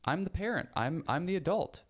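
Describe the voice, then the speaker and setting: A young man co-hosting a podcast in casual chat, rambling and repeating words, getting animated when he makes a point. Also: fairly high pitch, a little fast. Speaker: podcast co-host.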